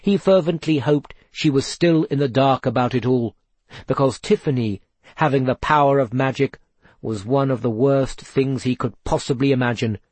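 A man reading a story aloud in a measured, expressive way. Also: mid-range voice, no echo. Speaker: narrator. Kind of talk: storybook narration.

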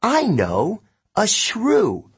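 A man voicing a vain sorceress in a high, shrieking storybook voice, husky underneath. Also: huge pitch swings, extremely slow, heavily acted. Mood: shrill. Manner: shrieking, haughty. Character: shrill vain sorceress woman.

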